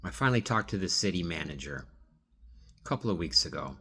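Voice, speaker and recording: A man's voice: low-pitched, lively intonation, brisk, gravelly, sharp tone, breathy edge. A man speaking straight to one absent person in a rambling, pleading video monologue. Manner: rambling, restarts and trails off. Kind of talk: direct-address video monologue.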